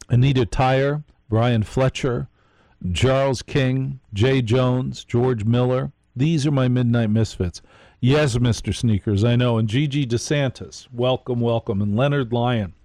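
A man's voice: mid-range voice, measured pace, mellow, no echo, clean studio sound. A man hosting a live late-night radio show, telling a rambling story and speaking straight to his listeners.

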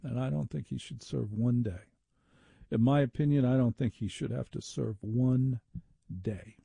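A man hosting a talk radio show with a gravelly, very dark and husky voice. He delivers an opinionated, sardonic monologue with indignant edges. The studio sound is close and dry. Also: medium pitch, moderate pace, no echo.

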